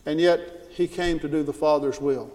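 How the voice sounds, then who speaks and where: A man preaching a Bible lesson in an earnest way, often repeating words as he starts a phrase and rising to loud emphasis when he quotes scripture. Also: on the high side, steady tone, normal speed, big-room sound, rough recording. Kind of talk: sermon.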